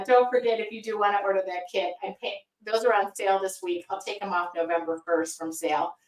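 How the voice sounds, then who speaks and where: A woman's voice: medium pitch, distant mic. Middle-aged woman art teacher, effusive livestream chat, echoey room, set back from the mic. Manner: effusive, reads viewer comments aloud. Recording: roomy sound from away from the mic.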